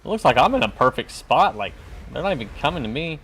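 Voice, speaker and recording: A man streaming a video game, chatting casually and joking as he plays, often yelling at the game. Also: medium pitch, sing-song, fast talker, breathy edge. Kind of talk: casual gameplay commentary.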